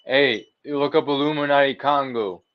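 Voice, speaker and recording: A man's voice: medium pitch, normal speed, clear, resonant tone. A man chatting on a livestream panel, laid-back and slangy, searching for his words. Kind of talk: casual livestream panel chat. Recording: dull lo-fi online mic.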